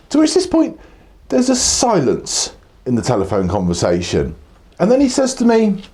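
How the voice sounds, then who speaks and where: Indignant host, storytelling, mellow tone. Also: male voice, sits high, moderate pace. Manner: exasperated, animated, indignant. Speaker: show host. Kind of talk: monologue storytelling.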